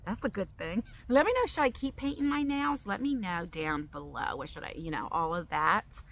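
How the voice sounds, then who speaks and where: Emotional, bright-voiced middle-aged woman vlogger. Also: medium pitch, expressive, moderate pace, low-quality recording. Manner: open, emotional, rambling with restarts. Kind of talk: emotional personal vlog.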